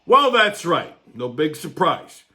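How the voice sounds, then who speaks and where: A high-voiced man with a bright, cutting tone hosts a comedic monologue. He rants brashly and crudely, swearing often in mock outrage, and his pitch swings widely. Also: sing-song, takes it slowly. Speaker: show host.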